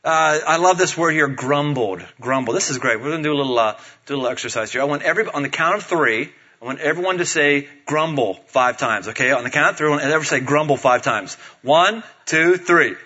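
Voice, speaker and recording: A man's voice: on the high side, fast, hardly any pauses, pushed and bright. A male pastor preaching a sermon in a conversational, playful way, drawing the congregation into the talk, on a dull lo-fi recording. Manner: conversational and playful, gets the audience to join in.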